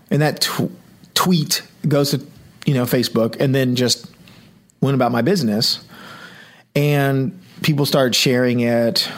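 A man hosting a podcast, telling a story in casual chat and acting out the quoted emails and replies. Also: medium pitch. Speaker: podcast host.

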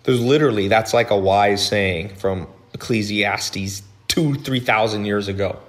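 A man with a fairly low voice holds forth on his podcast in a casual monologue. He talks bluntly and with energy, swinging between loud stretches and low ones. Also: measured pace. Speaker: podcast host.

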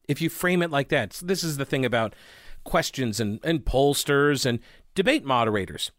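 Male opinion host, sarcastic and chatty, slightly high voice, dry recording. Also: expressive, moderate pace, fairly bright tone, dry recording. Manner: sarcastic, conversational, reads headlines aloud. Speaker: political commentator. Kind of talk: opinion commentary reading headlines.

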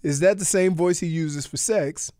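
A man's voice: fairly high pitch, moderate pace, darkish tone, no echo, clean studio sound. A man co-hosting a radio sports show, reading listener texts and teasing with frequent laughs.

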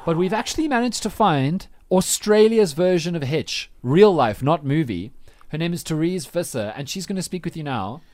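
Teasing radio host. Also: male voice, on the high side, animated, normal speed, darkish tone. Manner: teasing and playful. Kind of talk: casual radio banter. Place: radio studio.

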